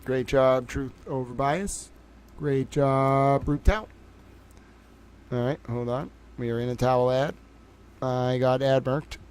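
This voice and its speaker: A man hosting a casual livestream trivia game, calling out viewers by name and praising them, swinging from loud excitement to quiet muttering. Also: medium pitch, takes it slowly, long pauses, clean tone. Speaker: livestream host running trivia.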